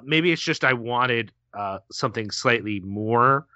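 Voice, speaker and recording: A man's voice: mid-range voice, expressive, unhurried, sharp tone, dry recording. Rambling male co-host, dry dull mic. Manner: rambling, hesitant restarts. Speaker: podcast co-host. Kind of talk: casual podcast chat.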